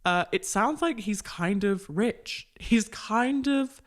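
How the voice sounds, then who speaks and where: A video essayist giving mock-academic commentary in a wry, deadpan manner. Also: medium pitch, takes it slowly.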